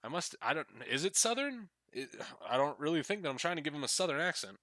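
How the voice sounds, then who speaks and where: A man's voice: medium pitch, lively intonation, fast talker, hardly any pauses. A man hosting a video, casually commenting while he plays, joking and swearing in asides. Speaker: gaming video host. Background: loud game music.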